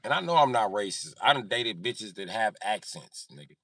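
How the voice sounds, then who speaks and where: A man's voice: lowish voice, big pitch swings, normal speed, pushed and bright, no room sound, distant mic. A man in his thirties hosting a live stream, rambling casually and profanely and answering his chat. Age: 30s. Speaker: livestream host.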